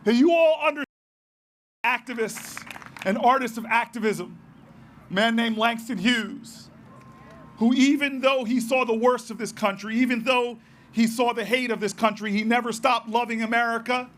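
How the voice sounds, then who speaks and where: Mężczyzna, senator, wygłasza porywającą, wykrzykiwaną mowę na wiecu na świeżym powietrzu. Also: male voice, very high voice, a little hiss or hum. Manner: rousing, shouted oratory. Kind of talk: rally speech. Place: outdoors at a rally.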